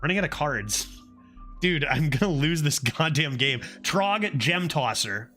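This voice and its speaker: A man's voice: on the high side, unhurried, faint music behind. A man streaming a card game, commenting casually, often mocking himself and pleading with the game. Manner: animated, self-mocking, exclaims and pleads at the game.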